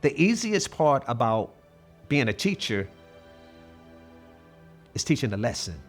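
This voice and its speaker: A man's voice: medium pitch, very animated, unhurried, soft background music. A man in his fifties, a math coach, telling stories in an interview in an earnest way and acting out the dialogue. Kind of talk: interview storytelling.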